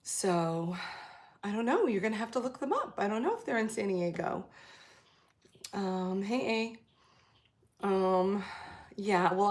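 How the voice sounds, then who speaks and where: A woman's voice: mid-range voice, a little mellow. A woman chatting casually with live viewers, rambling and chatty with lots of fillers, trailing off, and laughing easily. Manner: laughs easily while telling stories.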